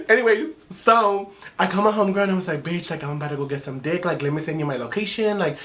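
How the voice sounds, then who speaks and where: Young male vlogger, animated storytime, profane, code-switches to Spanish. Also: fairly high pitch, rapid-fire. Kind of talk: storytime vlog.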